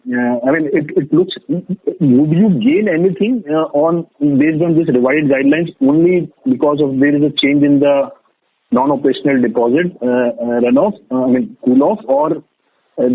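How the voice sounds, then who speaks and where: Husky man on a phone line. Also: on the high side. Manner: hesitant, many fillers. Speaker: analyst asking questions. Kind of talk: earnings call questions.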